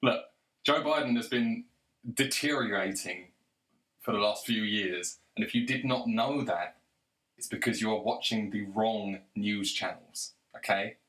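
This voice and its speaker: A video commentator with a lowish, slightly bright voice delivers an angry, sarcastic rant to the camera, full of profanity and in no hurry. The monologue is recorded with a roomy echo.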